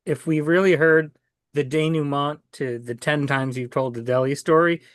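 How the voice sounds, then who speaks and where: A man co-hosting a podcast, teasing his co-hosts in an unhurried, wry casual chat. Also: a little high, steady tone, smooth, no room sound, clean studio sound. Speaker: podcast co-host.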